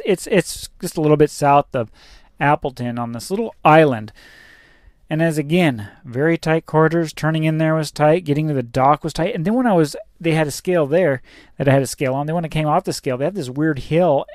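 A chatty male trucker rambles through a story about his day, swearing now and then. His voice sits a little high for a man. The recording is very dry and close, with no room sound. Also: a little fast, darkish tone, no room sound. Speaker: truck driver. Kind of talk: casual vlog storytelling.

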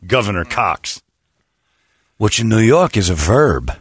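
A middle-aged man with a lowish voice, joking through casual on-air banter. His voice is close and dry, with no room sound, and he keeps breaking into silly voices for laughs. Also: big pitch swings, slow, pauses often, slightly rough, dry recording. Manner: joking, jumps into goofy put-on voices. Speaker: radio show co-host.

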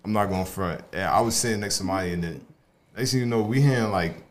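A man's voice: lowish voice, quick pace. A young man co-hosting a casual group podcast, talking in a laid-back, slangy, hedging way. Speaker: podcast co-host.

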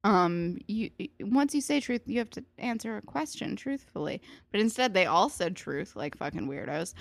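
A woman's voice: mid-range voice, lively intonation, moderate pace, vocal fry, no room sound. A woman co-hosting a casual podcast, recapping a TV episode in a chatty, sarcastic way, swearing freely. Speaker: podcast co-host.

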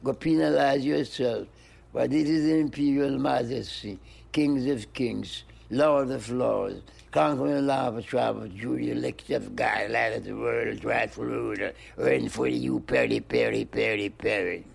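An older man, interviewed as a music pioneer, speaks a little slowly with medium pitch, husky vocal fry. He chants free-flowing poetry and wordplay in a rhythmic, sing-song way, adding animal noises and laughs.

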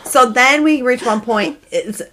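A woman in her thirties, a podcast co-host, telling a family story in a lively, laughing way. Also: measured pace. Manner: animated, laughing, voice jumps high when excited. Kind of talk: casual storytelling chat.

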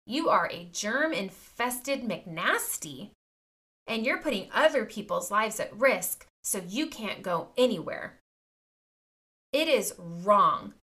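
A woman in her thirties speaks directly to her viewers in a personal vlog, her voice a little high with a bright, forceful tone. She sounds emphatic and indignant, often addressing them as "you guys," and at times she is close to tears.

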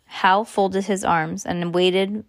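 A woman reading a first-person children's story aloud in a steady, earnest way. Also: medium pitch, slow pace, creaky, no room sound, clean studio sound. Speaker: audiobook narrator.

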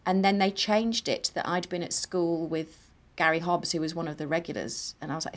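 A woman with a northern English accent, a guest actress telling lively anecdotes with frequent laughter in a casual interview. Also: fairly low pitch, moderate pace, hardly any pauses. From northern England. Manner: chatty, laughs often, animated storytelling.

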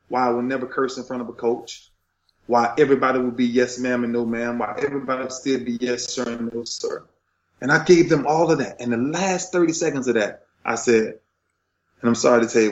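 Middle-aged guy getting emotional telling his story, keeps repeating himself, echoey and kinda muffled. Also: medium pitch. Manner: passionate, repeats himself, swings loud and soft. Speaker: retired football player telling his story.

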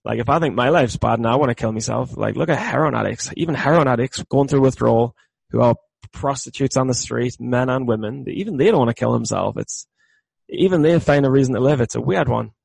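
A man's voice: mid-range voice, fairly quick, creaky, darkish tone, breathy edge, no room sound. A man talking frankly as a podcast guest in casual chat, often repeating his phrases.

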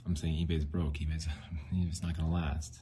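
A man's voice: extremely low pitch, level tone, fairly quick, dark tone, a little hiss or hum. A man hosting a casual solo podcast, rambling and frustrated, swearing often. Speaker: podcast host.

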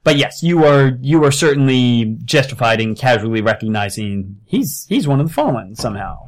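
A man's voice: medium pitch, animated, normal speed. A man running a tabletop game as game master, explaining rulings and weighing options aloud.

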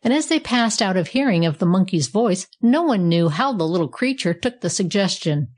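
Storybook narrator, woman, expressive and measured. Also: mid-range voice. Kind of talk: storybook reading.

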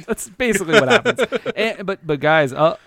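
A Canadian man co-hosting a casual comedy podcast about a movie, recapping scenes with quick quoted asides and frequent laughs. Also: high-pitched, fairly bright tone, no echo. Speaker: podcast co-host.

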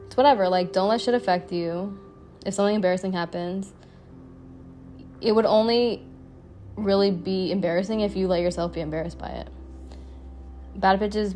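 A woman's voice: mid-range voice, fairly even intonation, moderate pace, pauses often, a little mellow, faint music behind. A young adult woman hosting her own podcast, talking in a blunt, profane, chatty way with lots of "like" fillers. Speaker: podcast host. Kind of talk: casual solo podcast monologue.

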